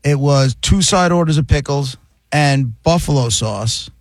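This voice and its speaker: A man hosting a radio show, chatting casually and telling stories in animated bursts. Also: mid-range voice, a little slow, dry recording.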